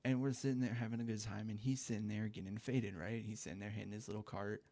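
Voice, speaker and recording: A man's voice: fairly low pitch, little pitch movement, fast talker, mellow, no echo. A young man casually telling a story time, rambling and profane, with lots of filler words, on a headset mic at home. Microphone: gaming headset mic.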